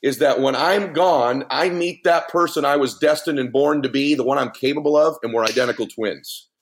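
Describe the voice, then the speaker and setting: A man's voice: normal speed, a little hiss or hum. Earnest middle-aged man telling a story. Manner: earnest, emphatic storytelling with wide pitch swings. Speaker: podcast guest, motivational speaker. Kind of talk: heartfelt podcast conversation.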